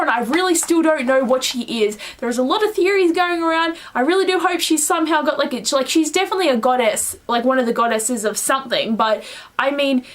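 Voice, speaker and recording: Gushing young Australian woman. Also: sits high. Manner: gushing, excitable, swears casually. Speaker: book vlogger. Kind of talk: casual book review chat.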